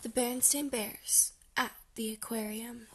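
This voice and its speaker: A woman reading a children's storybook aloud softly, sometimes near a whisper. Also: on the high side, steady tone, unhurried, slight background noise. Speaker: audiobook reader.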